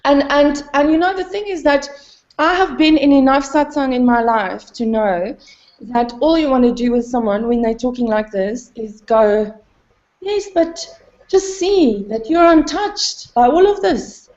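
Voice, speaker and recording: A woman talks through her doubts in a candid spiritual conversation, rambling with many fillers and laughing at herself. Her voice sits high. The recording is roomy and muffled. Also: normal speed, a little mellow. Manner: self-deprecating, laughs often. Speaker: satsang participant. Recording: dull, roomy, low-fidelity.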